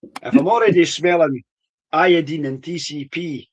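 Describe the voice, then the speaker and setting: Middle-aged Scottish man hosting a tasting chat; enthusiastic, fairly high voice. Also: a little slow. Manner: chatty, laughs often, enthusiastic. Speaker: whisky tasting host.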